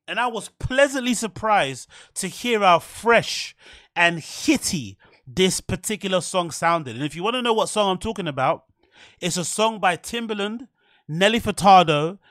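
A man hosting a solo podcast, rambling in a frantic rush with barely a pause for breath. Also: sits high, a bit bright, no echo, clean studio sound. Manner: rambling, frantic, talks without pausing for breath. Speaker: podcast host.

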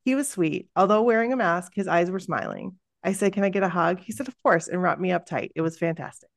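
A woman podcast host reading a listener's story aloud in a lively, expressive way. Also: lowish voice, fast, gravelly, no echo, studio quality.

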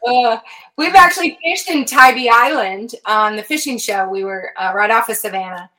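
Midwestern woman, fishing show host, casual chat, bright clear voice, lots of ums. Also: fairly high pitch, moderate pace, poor audio. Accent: Midwestern American. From Nebraska. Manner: friendly, with frequent fillers and laughter.

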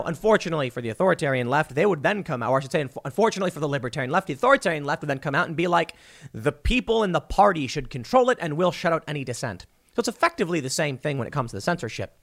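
Emphatic male political commentator, slightly high. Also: a bit bright. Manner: emphatic, argumentative, reads out news quotes.

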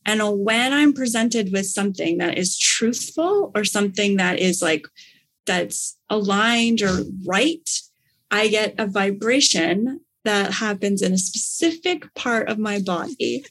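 Brief: woman, casual storyteller, husky, excitable, gushes and acts out quotes. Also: medium pitch, unhurried. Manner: bubbly, gushing, acts out quotes with big excited outbursts.

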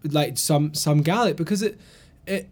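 Male podcast co-host, Glaswegian, softened accent, raised pitch, animated storyteller. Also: measured pace. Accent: Glasgow Scottish, mellowed. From Scotland, Glasgow. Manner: animated storyteller, swears freely, laughs often. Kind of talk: casual chat.

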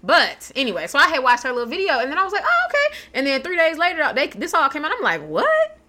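A woman co-hosting a podcast in casual chat, excitable and quick to laugh. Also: high voice. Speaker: podcast co-host.

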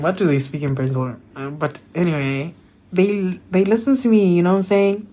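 A young woman from South Africa hosting her own podcast, chatting casually and excitedly with many "like" fillers. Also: on the low side, moderate pace. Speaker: podcast host. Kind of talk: casual solo podcast monologue.

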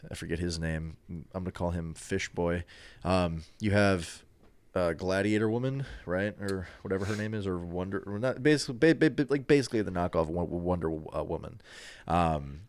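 A man's voice: low voice, normal speed, no room sound. A man co-hosting a podcast in casual chat, rambling with lots of fillers and restarts. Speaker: podcast co-host.

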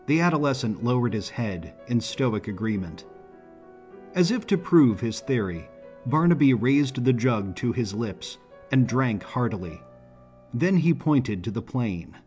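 A man narrating an audiobook story in a measured, even delivery. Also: mid-range voice, soft background music.

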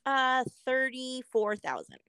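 A woman's voice: sits high, sing-song, slow pace, gravelly, pushed and bright, clean tone, dry recording, clean studio sound. A woman co-hosting a podcast in casual chat, rambling, swearing and laughing often. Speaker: podcast co-host.

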